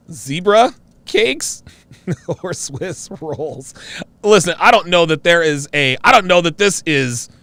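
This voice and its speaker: A man hosting a casual live-stream chat, reacting excitedly with loud exclamations. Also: on the high side, gravelly, dry recording.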